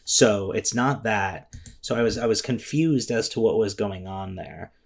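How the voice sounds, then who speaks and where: A man with a fairly low voice talks through his thoughts in a loose, unscripted vlog. He rambles, restarts his sentences and fills gaps with ums. He swears now and then and sounds openly moved. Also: unhurried, vocal fry. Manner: rambling and emotional, many fillers and restarts, swears. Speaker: vlogger reviewing a comic chapter. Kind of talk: casual spoken commentary.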